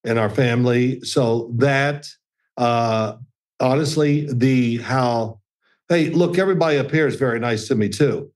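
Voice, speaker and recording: A man's voice: medium pitch, a little slow. An older man from Kentucky with a slight Southern accent, a former quarterback telling folksy stories as an interview guest. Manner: folksy storyteller, chuckling. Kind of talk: casual interview chat.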